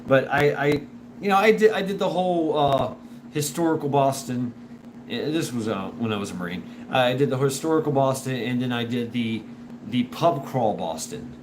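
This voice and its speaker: A man hosting a show in a casual, rambling monologue, full of restarts and repeated words, and animated when he imitates other people. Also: medium pitch, normal speed. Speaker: show host. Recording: noisy background.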